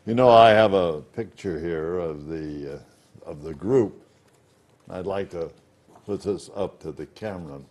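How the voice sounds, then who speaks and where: A man interviewing a guest for local television, asking unhurried, halting questions. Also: low-pitched, a little mellow.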